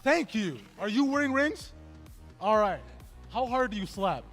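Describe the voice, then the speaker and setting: A man's voice: sits high, sing-song, measured pace, fairly bright tone, soft background music. A man hosting a trivia game at a gaming event, bantering casually and jokingly with contestants in a large indoor venue. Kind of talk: live event emceeing.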